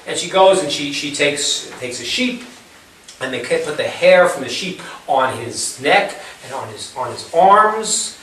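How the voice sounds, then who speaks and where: A Torah teacher leads an informal Bible class, retelling the story chattily and posing rhetorical questions. His high voice is animated, a bit bright, and a little fast. The room is very echoey, the mic is far away, and there's a faint hiss.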